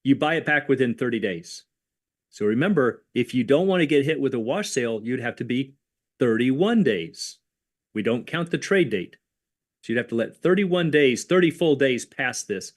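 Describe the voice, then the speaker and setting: A man's voice: medium pitch, lively intonation, moderate pace. Guy explaining trading tax rules on a stream, chatty, talks it through with examples. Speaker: options educator co-host. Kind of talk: livestream lesson, casual explaining.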